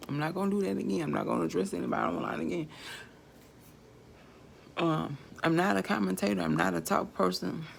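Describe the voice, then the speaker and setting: A woman vlogger delivering a rambling, profane monologue that swings between quiet muttering and angry shouting. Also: lowish voice, brisk, creaky, long pauses, slight background noise.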